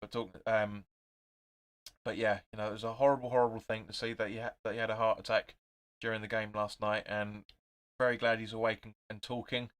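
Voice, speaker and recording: A young man hosting a live football watch-along, calling the play in short bursts, reading out viewers' comments and getting excited and swearing at his team. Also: fairly low pitch, brisk, clear, resonant tone.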